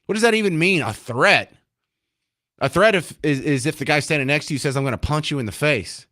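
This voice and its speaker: Sarcastic radio host, dry studio mic. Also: male voice, fairly high pitch, animated, a little fast, pushed and bright, no echo. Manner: sarcastic, self-deprecating. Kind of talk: casual radio talk.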